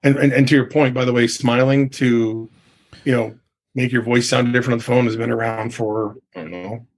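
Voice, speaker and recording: A middle-aged man with a husky, slightly breathy voice, speaking as a coaching guest in a relaxed podcast chat. He is emphatic and keeps checking in with his listener as he drives each point home. His pitch sits in an ordinary middle range. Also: a little fast. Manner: emphatic, leans on "I mean" and "right?". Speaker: real estate coach, guest. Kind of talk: casual podcast interview.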